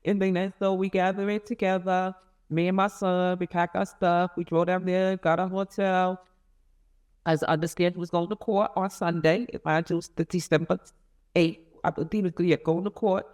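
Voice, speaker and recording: A middle-aged woman in an interview, recounting a painful family story in a halting, emotional way with many restarts. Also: lowish voice, flat delivery, darkish tone. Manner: emotional, rising and falling with feeling. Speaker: interviewee, mother of a convicted son. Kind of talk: emotional personal account in an interview.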